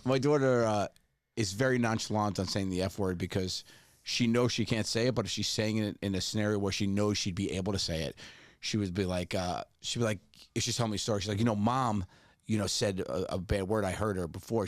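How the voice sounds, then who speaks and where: A middle-aged man co-hosting a podcast, telling lively family stories in casual chat and laughing often. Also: fairly low pitch, fairly quick, no room sound. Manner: animated storyteller, laughs often. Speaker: podcast co-host.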